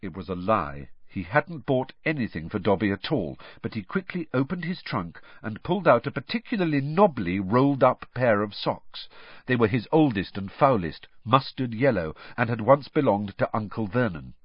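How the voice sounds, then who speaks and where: A man narrating a storybook with expressive storytelling. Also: on the low side, moderate pace, husky, no echo. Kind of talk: audiobook reading with character voices. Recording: dull dry lo-fi.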